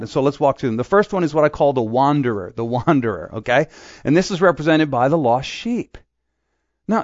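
Recorded lo-fi with no room sound, a fairly high-voiced middle-aged man from Quebec, Canada, gives a sermon as a pastor. His delivery is casual and full of jokes, and he slips into playful voices during his stories.

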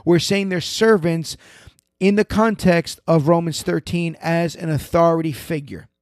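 A man with a slightly high voice delivers emphatic religious commentary, reading scripture and firing off quick questions to drive his point home. His voice sits close and dry, with no room around it. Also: steady tone, no room sound.

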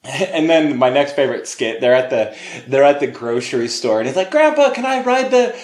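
A young man in casual chat, telling a funny movie story and acting out the characters in high, excited voices. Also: moderate pace, reverberant. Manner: animated storyteller, acts out scenes in high voices.

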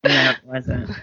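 A woman co-hosts a podcast in casual, exasperated chat and laughs often. Her voice is bright and forceful, and she speaks at an unhurried pace. The audio is a bit dull and lo-fi. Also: a bass voice, slightly rough. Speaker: podcast co-host. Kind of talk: casual chat recapping a soap opera.

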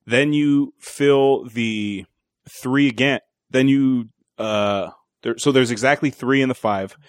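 A man's voice: mid-range voice, takes it slowly, no echo. Guy podcast cohost recapping a movie, does the lines himself, dry close mic. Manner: retells scenes acting out the lines. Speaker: podcast co-host. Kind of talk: casual movie recap chat.

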